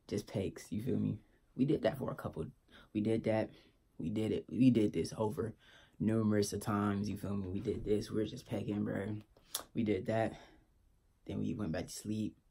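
A young man tells a storytime on his vlog in loose, slangy talk. His voice sits low and gravelly, with a husky edge, and he keeps checking in with his listeners as he goes. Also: level tone, moderate pace, long pauses, mellow. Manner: laid-back slangy storytelling, keeps asking "you feel me". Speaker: vlogger.

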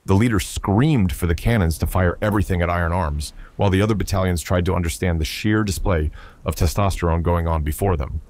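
A man narrating a science fiction story with a steady, even delivery. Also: low-pitched, dry recording. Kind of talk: scripted narration.

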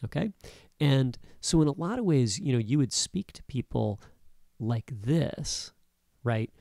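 A man's voice: medium pitch, very animated, normal speed, vocal fry, darkish tone, dry recording. A man giving a casual screen-recorded coding lesson, checking in with "right?" and "okay?" as he explains. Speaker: instructor.

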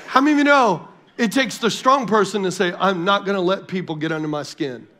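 A male pastor preaching a sermon, animated and joking with the congregation, asking for call-and-response, then dropping to quiet prayerful passages. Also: high-pitched, a little fast. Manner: animated, calls for audience response.

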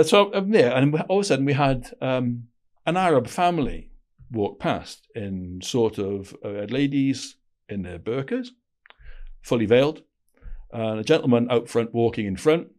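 Medium-pitched with a darkish tone, this man from Wales is a podcast guest and ex-intelligence operative. He shares blunt, slang-heavy stories in a relaxed interview, often restarting his sentences.

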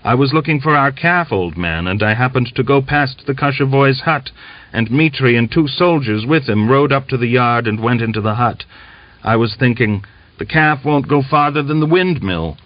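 A man's voice: mid-range voice, normal speed, no echo, pitched above the performer's own voice, close to an everyday voice. A man voicing a frightened peasant woman who tells her story through sobs, in a breathless, tearful way. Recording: dull lo-fi dry recording.

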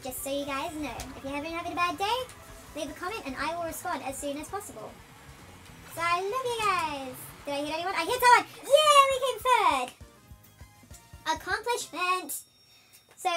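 Chipmunk-pitched, excitable gaming host. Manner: chatty, excitable, quick to shout at the game. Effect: chipmunk pitch-shifted voice. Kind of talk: casual let's-play commentary. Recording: voice over loud game music. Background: game music.

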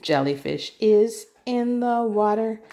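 A woman's voice: mid-range voice, animated, slow, dark tone. A mother patiently reading an alphabet workbook aloud with her child, spelling words letter by letter and echoing the child's prompts.

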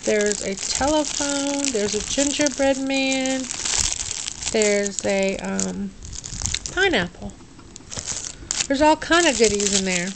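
A middle-aged woman talks through an unboxing in a dim room at home, her voice sitting a little high. She sounds drowsy and sluggish, stumbling over her words now and then, and a faint hiss runs under the recording. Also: slow, long pauses. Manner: drowsy, sluggish and tongue-tied. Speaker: vlogger unboxing a craft package. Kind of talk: casual unboxing chat.

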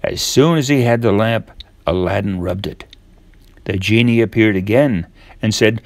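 An older man reading a fairy tale aloud to children in a gentle, measured way. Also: on the low side, dry recording. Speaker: storyteller.

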